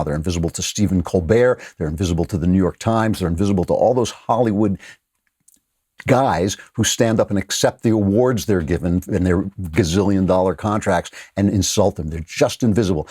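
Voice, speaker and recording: A man's voice: sits low, animated, fairly quick, mellow, breathy edge, dry recording, clean studio sound. A man in his sixties hosting a political commentary show, mocking his targets with frequent laughs and emphatic repetition. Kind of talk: opinionated commentary monologue.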